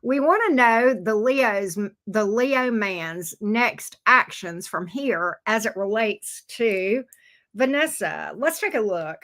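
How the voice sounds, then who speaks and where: Bright-voiced woman reading tarot live. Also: medium pitch, animated, takes it slowly. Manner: chatty, folksy, talks straight to viewers. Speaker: tarot reader, stream host.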